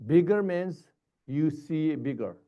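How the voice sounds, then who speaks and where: A man giving a Buddhist dharma teaching in short, halting, repetitive phrases. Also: a little high, lively intonation, warm tone, highs cut off.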